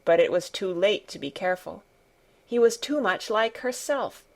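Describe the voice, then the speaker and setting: A woman reads a classic novel aloud as an audiobook, at a middle pitch. Her delivery is soft and even, and her pacing is relaxed, as if she were telling a bedtime story. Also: normal speed. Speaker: audiobook narrator. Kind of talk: calm scripted audiobook narration.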